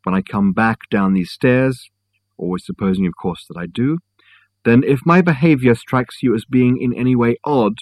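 A man voicing a polite, eccentric old gentleman who speaks in a formal, halting, earnest way. The voice is husky. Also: mid-range voice, natural voice. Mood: grave.

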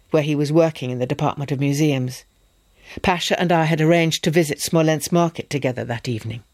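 A man reading a novel aloud in measured, vivid storytelling narration. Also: mid-range voice, no room sound, clean studio sound. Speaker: audiobook narrator. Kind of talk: scripted narration.

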